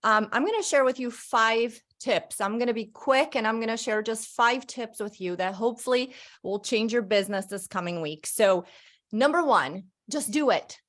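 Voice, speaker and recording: Upbeat woman giving an energetic pep talk. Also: a little high, normal speed. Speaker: guest speaker. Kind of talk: motivational talk on a conference call.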